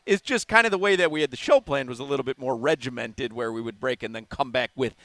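A man's voice: mid-range voice, fast talker, a bit bright, dry recording. A man hosting a live talk radio show, chatting in a rambling, self-amused way from a remote broadcast. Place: bar or restaurant remote broadcast.

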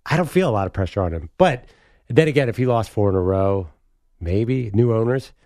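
A man's voice: fairly low pitch, animated, brisk, a little mellow, no echo, studio quality. Opinionated man on sports radio. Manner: opinionated, thinks aloud with restarts. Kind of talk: casual sports talk chat.

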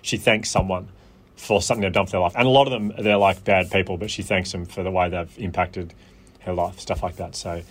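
An Australian man chatting as a podcast guest, telling stories animatedly with quick asides. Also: deep voice, steady tone, slightly rough. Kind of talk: casual chat.

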